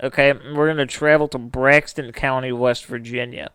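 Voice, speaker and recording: Smooth-voiced man telling a story. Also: medium pitch, fairly even intonation, normal speed, a bit bright, no echo. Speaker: podcast host. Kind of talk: casual podcast chat.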